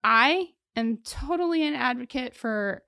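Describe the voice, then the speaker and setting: Woman, podcast co-host, casual true-crime chat, joking, high voice, dry sound. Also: lively intonation, measured pace, gravelly, bright, forceful tone, dry recording. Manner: joking, chatty, lots of "like" fillers. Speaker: podcast co-host telling the case.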